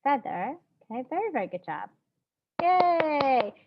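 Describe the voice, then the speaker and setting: Slow-paced woman teaching a class. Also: sits high, very animated, background noise. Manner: patient, encouraging, sounds out words slowly. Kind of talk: classroom phonics lesson. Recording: dull lo-fi classroom audio.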